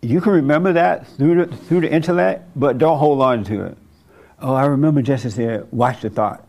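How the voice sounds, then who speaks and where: A man's voice: medium pitch, gravelly, a little mellow. A man preaching an informal sermon to a small group, conversational, asking rhetorical questions and chuckling at his own points.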